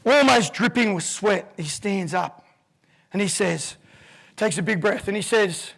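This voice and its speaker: High-voiced man telling a story. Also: unhurried, creaky. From Australia. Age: 50s. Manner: vivid, animated storyteller who acts out voices. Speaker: keynote speaker. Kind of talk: storytelling keynote.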